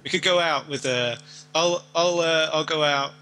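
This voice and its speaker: Bright-voiced man hosting a podcast. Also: fairly high pitch, moderate pace, low-quality recording. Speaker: podcast co-host. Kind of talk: casual chat.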